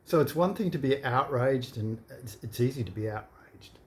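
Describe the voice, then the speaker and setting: A man's voice: medium pitch, lively intonation, normal speed, slight background noise. Plain-spoken man chiming in. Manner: plain-spoken, chimes in with short remarks. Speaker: co-host. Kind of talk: casual conversation.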